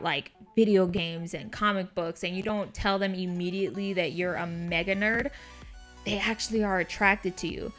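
A woman's voice: medium pitch, pushed and bright. A young woman hosting a game stream, chatting candidly and swearing freely. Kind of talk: casual chat.

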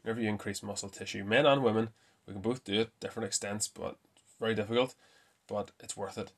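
A man hosting a casual fitness talk, chatty and quick to correct himself with a laugh. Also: fairly low pitch, steady tone, a bit bright. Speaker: fitness podcast host. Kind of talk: casual myth-busting talk.

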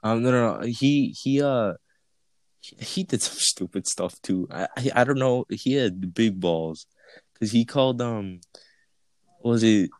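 A man's voice: mid-range voice, darkish tone, dry recording. Guy on a podcast joking around, laughs a lot, dry close sound. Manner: laughing storyteller, quick and joking. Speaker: podcast co-host. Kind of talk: casual chat.

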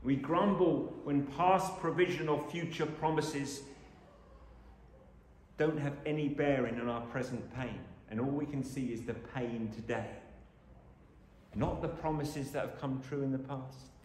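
A man preaching a sermon, dramatic, swinging from loud exclamations to hushed lines. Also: mid-range voice, unhurried, a little hiss or hum. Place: church. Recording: echoey church hall.

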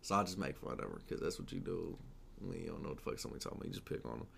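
A man's voice: sits low, expressive, racing, gravelly, fairly bright tone, slightly rough. A young man co-hosting a podcast, chatting casually with lots of slang and swearing. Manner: profane, laid-back slang, frequent "you know what I'm saying". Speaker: podcast co-host. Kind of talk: casual chat.

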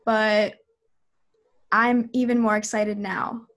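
A young woman, a college student, co-hosting a casual podcast chat over a video call, eager and excitable. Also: medium pitch, slow pace. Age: young adult. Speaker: podcast co-host.

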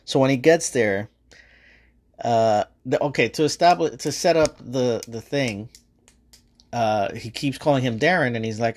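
A man's voice: medium pitch, a little slow. A man hosting a podcast and giving a casual, rambling movie review, full of swearing and hesitant fillers. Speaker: podcast host.

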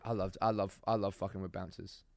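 A man's voice: deep voice, flat delivery, a little fast, vocal fry, a little mellow, no echo. A man in casual podcast chat, rambling through a story with lots of fillers and swearing. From Australia. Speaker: comedian guest.

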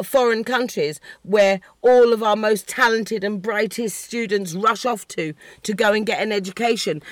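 A woman's voice: fairly high pitch, no room sound, studio quality. A woman delivering an impassioned, blunt and profane political rant, heated and sarcastic. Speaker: political commentator. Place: in the country she discusses.

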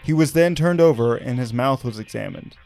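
A man's voice: medium pitch, brisk, vocal fry, darkish tone, faint music behind. A man from Arkansas who hosts a podcast, telling a story with wry asides and laughing at his own jokes. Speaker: podcast host.

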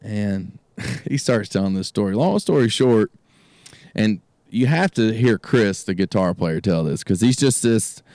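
In a fairly low, darkish voice recorded dry, a male country singer spins a road story as a guest in a casual chat, set in an outdoor gazebo on a cold evening. He laughs frequently and does the voices of the people involved.

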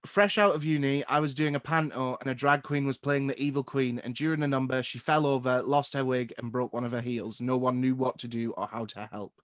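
A man hosting a casual chat, asking questions and telling quick anecdotes with offhand swearing. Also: mid-range voice, fairly even intonation, no room sound, clean studio sound. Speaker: podcast host.

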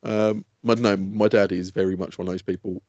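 A man, co-hosting a podcast in casual chat, animated and laughing, swearing freely. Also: low voice, fairly quick, no room sound. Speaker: podcast co-host. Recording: dull lo-fi sound.

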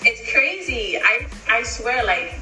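A woman's voice: a little high, very animated, takes it slowly, sharp tone, roomy sound, recorded from a distance, soft background music, low-quality recording. A woman hosting a podcast, chatting candidly about motherhood and laughing often. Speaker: podcast host. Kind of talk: casual podcast chat.

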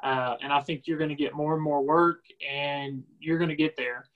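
Supportive male co-host, fairly high voice. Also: steady tone, moderate pace, narrow, tinny audio. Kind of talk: podcast interview.

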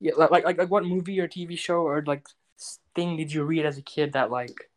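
A man's voice: fairly high pitch, fairly even intonation, brisk. Young male co-host, loose and rambling, casual podcast banter. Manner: rambling with many fillers. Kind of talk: casual chat.

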